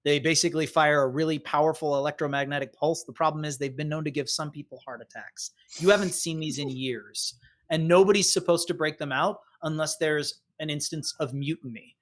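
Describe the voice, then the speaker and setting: A game master narrates a tabletop game, describing the scene in a lively, descriptive flow. The voice sits at a middle pitch. It is relaxed storytelling for the players. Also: a little fast.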